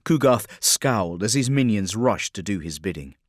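Low-voiced man narrating an audiobook. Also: lively intonation, moderate pace, dry recording, clean studio sound.

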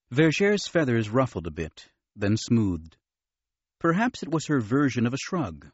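Guy reading an audiobook, low voice, lots of pitch movement, dry dull recording. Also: big pitch swings, unhurried, slightly rough, no room sound. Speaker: narrator. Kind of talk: audiobook narration.

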